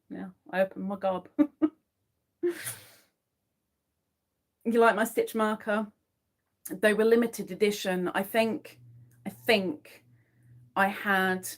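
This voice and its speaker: A woman talks at an unhurried pace as she crochets live, chatting easily with her viewers. Her pitch sits in the middle of the range, and she quietly counts stitches under her breath between remarks. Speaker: crochet livestream host. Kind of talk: casual chat to a live audience while crocheting.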